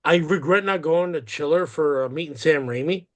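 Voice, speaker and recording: Higher-voiced man chatting enthusiastically. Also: normal speed. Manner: rambling, enthusiastic, swears casually. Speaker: podcast host. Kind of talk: casual chat.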